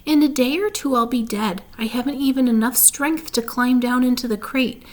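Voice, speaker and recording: A woman reading a storybook aloud, voicing a wise, calm female spider who speaks quietly and gently. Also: a little high, moderate pace, lightly acted.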